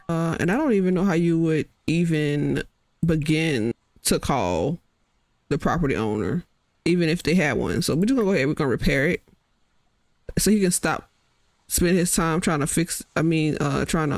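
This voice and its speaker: A woman's voice: fairly low pitch, no room sound. A woman hosting a casual let's-play, chatting and rambling in a slangy way as she plays. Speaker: gaming channel host.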